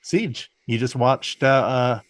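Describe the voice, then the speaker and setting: Male podcast co-host, mid pitch, dry recording, rambling delivery. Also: slow, no room sound. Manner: rambling, stumbling with fillers. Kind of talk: casual chat.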